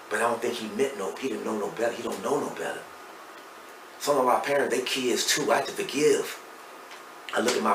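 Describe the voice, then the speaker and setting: Fast-talking Texan man, roomy off-mic sound. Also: medium pitch, recorded from a distance. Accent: Southern US, Texas. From Dallas, Texas. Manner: fast, streetwise and intense, swings between loud and hushed. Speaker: podcast guest, hip hop artist. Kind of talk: candid emotional storytelling. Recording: roomy echo, off-mic, faint noise.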